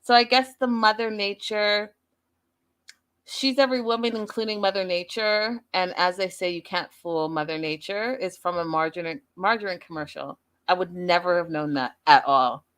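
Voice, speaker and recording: A woman's voice: fairly low pitch, normal speed, fairly bright tone. A woman hosting a reality show recap stream, chatting casually with her live audience and laughing often.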